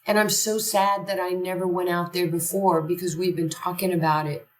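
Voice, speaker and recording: An older woman with a very low voice tells her story as a podcast guest, animated and long-winded. She sits away from the microphone in an echoey room. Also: moderate pace. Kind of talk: conversational storytelling. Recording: echoey room, distant from the mic.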